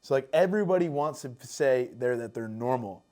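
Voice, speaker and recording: A man talking on a relaxed podcast, rambling through his thoughts. He fills his speech with "like" and "dude" and swears freely. His voice sits at an ordinary pitch for a man. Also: fairly quick. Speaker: podcast guest. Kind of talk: casual chat.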